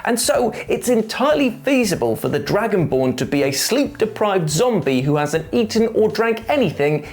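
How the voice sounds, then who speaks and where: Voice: medium pitch, sing-song, normal speed, a little mellow. A video narrator, giving jokey scripted commentary with playful asides.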